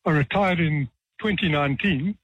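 Husky older man telling dry-witted anecdotes. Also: fairly high pitch, dry recording. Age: 70s. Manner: dry, self-deprecating humor, measured pace with pauses. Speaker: retired judge, author guest. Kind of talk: relaxed anecdotal storytelling. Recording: dull, dry radio sound.

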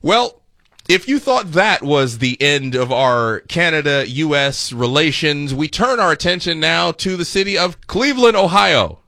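A man hosting a talk radio show, mocking the clips he plays with quick sarcastic asides. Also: a little high, lively intonation, pushed and bright, dry recording, studio quality.

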